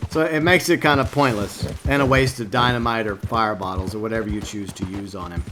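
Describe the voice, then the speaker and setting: A man's voice: on the low side, background noise. A man live-streaming a game, rambling casually and answering his viewers by name. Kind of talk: casual gameplay stream commentary.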